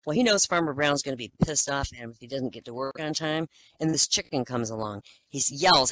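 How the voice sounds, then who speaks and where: A man's voice: mid-range voice, lively intonation, brisk, bright, forceful tone, a little hiss or hum, low-quality recording. Casual man telling dirty jokes. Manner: loose, casual storytelling with fillers. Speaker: joke teller.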